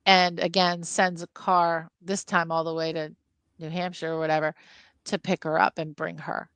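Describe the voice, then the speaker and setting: A woman co-hosting a casual film podcast, retelling book scenes with lively storytelling. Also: lowish voice, normal speed, clean tone, dry recording. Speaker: film club podcast co-host.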